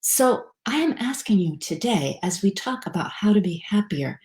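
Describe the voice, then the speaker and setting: A woman's voice: mid-range voice, big pitch swings, a little slow. Chatty woman in an echoey room. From United States. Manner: chatty and self-deprecating, with many restarts and fillers. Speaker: speaker teaching a class on happiness. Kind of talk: casual talk to a live audience.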